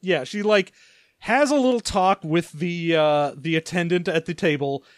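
A man with a fairly high voice, recorded dry and close. He banters in an animated, laughing way while co-hosting a casual podcast recap. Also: moderate pace, no room sound. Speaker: podcast co-host. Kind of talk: casual comedic book recap.

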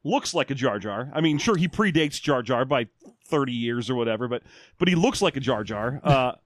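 A man co-hosting a podcast in casual chat, animated and mock-ranting with plenty of swearing. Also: mid-range voice, a little fast, dry recording, clean studio sound. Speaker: podcast co-host.

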